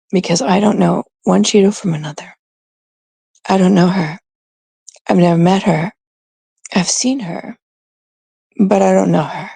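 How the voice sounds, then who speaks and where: Chatting loosely with her viewers and cursing as she goes, a middle-aged woman with a Canadian accent runs a livestream. Her fairly low voice sounds gravelly, mellow and slightly rough, with no room sound.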